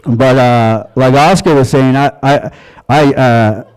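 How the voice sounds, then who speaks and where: A man's voice: medium pitch, steady tone, takes it slowly, darkish tone, clean tone, rough recording. A man from Long Island doing a stand-up comedy set in a comedy club, crude and offhand. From Long Island, USA.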